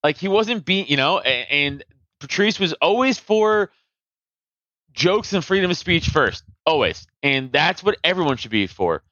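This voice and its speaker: A man chatting casually on a podcast, profane and animated, acting out comedians' jokes with a raised voice. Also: on the high side, measured pace, no echo, lo-fi sound. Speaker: podcast host.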